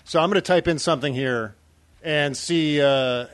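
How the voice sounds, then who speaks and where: A male podcast co-host with a slightly high voice chats casually and laughs often. He restarts sentences and fills gaps with "uh". The sound is dry and close, with no room. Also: normal speed, no echo. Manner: chatty, laughs easily, many restarts and "uh"s. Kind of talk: casual chat.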